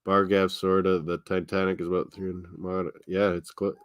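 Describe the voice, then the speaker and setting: Man, low voice, smooth and clear, dry close sound, rambling casual live-stream chat. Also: flat delivery, normal speed, no echo. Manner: rambling, chatty, laughs often. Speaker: watchalong host.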